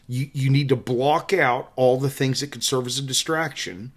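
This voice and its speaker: A man's voice: medium pitch, fairly bright tone. A man in his fifties with a Southern US accent, an instructor giving emphatic, casual photography advice and repeating his key points. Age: 50s. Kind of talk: casual teaching monologue.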